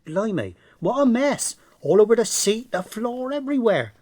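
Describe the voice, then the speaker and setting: A man voicing a brash, mocking woman with a West Country accent, loud, cheeky and sarcastic. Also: high-pitched, big pitch swings, normal speed, dry recording, voice pushed up. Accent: West Country English.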